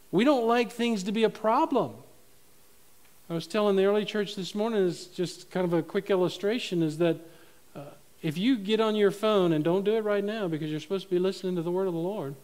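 Animated high-voiced male preacher. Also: low-quality recording. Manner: animated preaching, rising to near-shouts in mock prayers; conversational, drops low and quiet for serious points. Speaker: pastor. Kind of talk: sermon.

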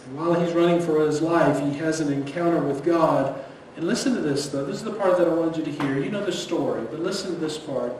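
A man, a pastor preaching a sermon in a church, swinging between loud emphasis and hushed near-whispers. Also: a little high, a little fast. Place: church sanctuary. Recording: echoey hall, distant mic, faint noise.

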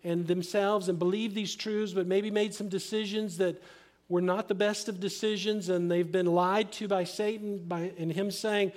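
A middle-aged man preaching a sermon as pastor, earnest and emphatic, often dropping to a hushed, slow delivery. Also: sits high, flat delivery.

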